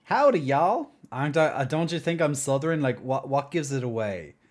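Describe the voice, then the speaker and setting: A man's voice: mid-range voice, fairly quick, darkish tone. A man from Ireland chatting casually on a live stream, rambling and trailing off into mumbled asides. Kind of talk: casual stream chat reacting to a video.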